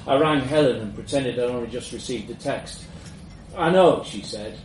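A man reading a first-person story aloud in a measured, reflective way. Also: mid-range voice. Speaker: narrator. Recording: roomy echo, mic at a distance, faint background hum.

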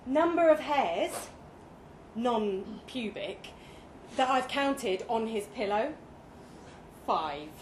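Young woman, high voice, slow dry comic reading, pointed pauses, echoey live room. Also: expressive, slight background noise. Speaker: reader at a live fiction night. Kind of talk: live comic story reading, first person. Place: pub function room with live audience.

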